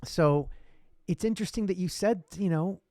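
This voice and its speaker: A man co-hosting a casual podcast, talking in an animated way, swearing freely and laughing often. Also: sits high, normal speed, dry recording, clean studio sound. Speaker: podcast co-host.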